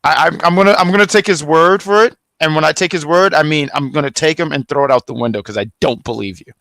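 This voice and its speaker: A man co-hosting a wrestling review show in casual chat, rambling and animated with frequent restarts. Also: on the high side, fast talker, gravelly, no echo. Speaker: wrestling review podcast co-host.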